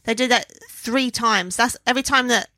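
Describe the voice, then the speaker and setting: A woman's voice: fairly high pitch, moderate pace, sharp tone, no echo. A young woman co-hosting a podcast, chatting casually and giving frank, opinionated takes, with some swearing. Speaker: podcast co-host. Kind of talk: casual chat.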